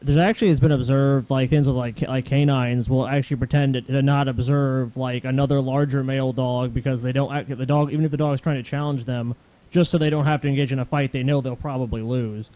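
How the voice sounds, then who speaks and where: Joking male co-host, mid-pitched, dry close sound. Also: fairly even intonation, fast talker, dark tone, no room sound. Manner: joking, chatty. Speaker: podcast co-host. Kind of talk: casual podcast chat.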